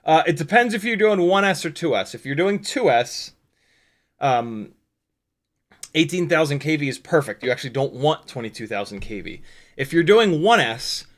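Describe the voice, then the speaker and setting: Stream host, male, bright and slightly high voice, loose and profane banter. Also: normal speed. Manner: joking, animated, swears freely. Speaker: livestream host. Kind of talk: casual live-stream chat.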